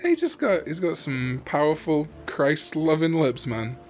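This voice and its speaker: A man's voice: fairly high pitch, animated, measured pace, a little mellow, soft background music. Laid-back profane British man gaming. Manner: profane, laughing banter. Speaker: let's play host. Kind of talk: casual gaming commentary.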